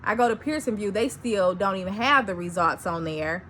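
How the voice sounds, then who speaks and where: Excited woman telling a personal story. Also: mid-range voice, normal speed, slight background noise. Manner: excited, animated storytelling with quoted dialogue. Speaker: vlogger. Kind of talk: casual chat. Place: home.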